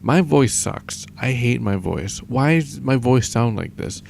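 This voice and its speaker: A young man talking in a downcast, halting, self-deprecating way in a confessional audio diary. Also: medium pitch, animated, creaky, darkish tone, a little hiss or hum. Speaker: vlogger.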